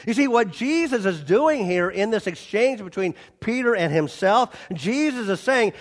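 A man preaching a sermon as a pastor, reading scripture and surging loudly on quotes and appeals. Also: high voice, expressive, unhurried, hardly any pauses, in a large hall.

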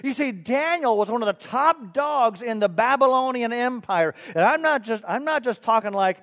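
A man's voice: very high voice, lively intonation, normal speed, fairly bright tone. A man pastor preaching a sermon in a church. He asks his listeners questions and talks to them conversationally, with some self-mocking asides. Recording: long reverb of a church hall.

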